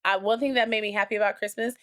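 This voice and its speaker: A woman co-hosting a relationship podcast with her husband, chatting casually about family life. She talks in a rambling, animated way, full of fillers and restarts, at a middle pitch for a woman. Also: very fast. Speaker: podcast co-host. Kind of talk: casual chat.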